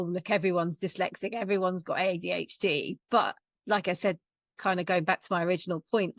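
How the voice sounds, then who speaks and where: A woman hosting a podcast, talking in a casual, halting way as she searches for words. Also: on the low side, no room sound. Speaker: podcast host. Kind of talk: casual interview chat.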